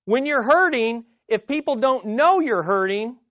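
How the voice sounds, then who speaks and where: A man's voice: very high-pitched, lively intonation, a little slow, no room sound. Emphatic preacher man, dry sound. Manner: emphatic, repeats key phrases, swings between loud and hushed; addresses listeners directly. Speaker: pastor. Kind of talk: sermon.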